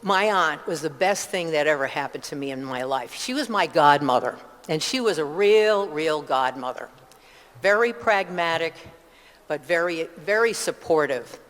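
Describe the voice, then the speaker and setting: An older woman with an upstate New York accent tells her personal testimony in church. She rambles warmly from one family story to the next, with asides and little self-corrections. Her voice carries a long, lingering echo from the church hall. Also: low-pitched, lively intonation, moderate pace. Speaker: church member giving testimony.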